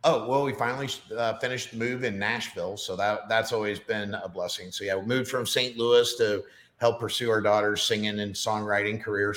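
A man's voice: fairly low pitch, a bit bright. Chatty middle-aged man in an echoey room. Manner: chatty storyteller with many fillers. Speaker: podcast guest. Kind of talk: casual chat.

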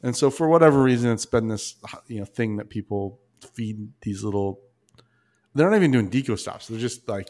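A man's voice: lowish voice, expressive, moderate pace, a little mellow. A man hosting a casual chat, joking and teasing, often restarting his sentences. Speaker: podcast host.

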